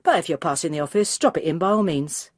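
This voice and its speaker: A woman's voice: lowish voice, quick pace, natural voice. Woman voicing an insolent young receptionist. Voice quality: insolent, dismissive.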